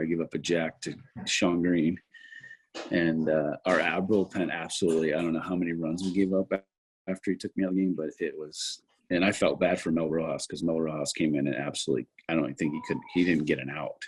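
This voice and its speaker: A man in his fifties tells old stories in a relaxed, chatty way and acts out his own remembered thoughts as he goes. His voice sits low and has a husky edge. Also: brisk. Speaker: former relief pitcher, interview guest. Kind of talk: casual anecdotal storytelling.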